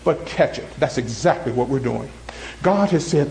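A man preaching a sermon as pastor, swinging between excited high tones and soft low ones, acting out voices in little stories. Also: moderate pace, creaky, echoey room, slight background noise, poor audio.

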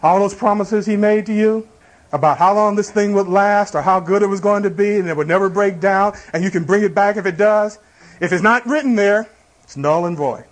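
A man's voice: high voice, fairly quick. A man preaching a sermon as a pastor, asking the congregation rhetorical questions and calling out for amens. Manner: tells everyday illustrations.

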